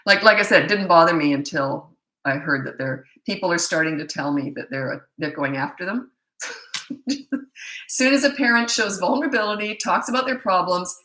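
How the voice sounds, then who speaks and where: A woman's voice: sits low, vocal fry, a bit bright, roomy sound, poor audio. A middle-aged woman parenting coach answering questions in a blunt, opinionated, casual way. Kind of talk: casual Q&A talk to camera.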